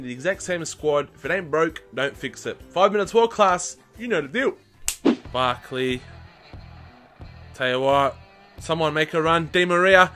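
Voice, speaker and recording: A young British man hosting a gaming channel, giving lively, slangy commentary over a football video game and cheering loudly at chances and goals. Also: on the high side. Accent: British English. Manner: chatty slang, talks straight to viewers.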